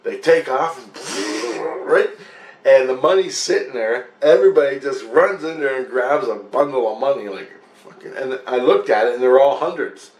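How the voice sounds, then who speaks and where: A man in his apartment telling a dream story in a rambling, profane, animated way. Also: medium pitch, moderate pace, echoey room, slight background noise. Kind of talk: casual storytelling. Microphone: camera mic.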